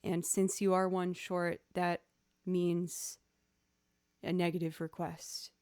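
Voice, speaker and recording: A woman's voice: lowish voice, flat delivery, slow, a little mellow, clean tone. Chatty woman streamer thanking viewers. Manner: chatty, thanks viewers, hums beats aloud. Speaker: livestreaming musician. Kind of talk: casual live stream chat.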